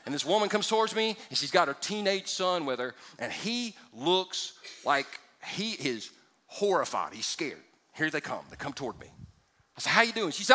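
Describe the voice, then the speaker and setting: Pastor, male, bright and fairly high voice, animated sermon delivery with acted bits, big reverberant hall. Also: normal speed. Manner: animated storytelling, acts out voices, joking asides.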